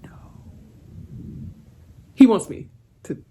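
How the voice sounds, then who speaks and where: A woman's voice: low-pitched, moderate pace, darkish tone, a little hiss or hum. A young woman giving a casual spoken review of a TV episode, rambling and giggly, with lots of fillers and restarts. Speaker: TV series reviewer.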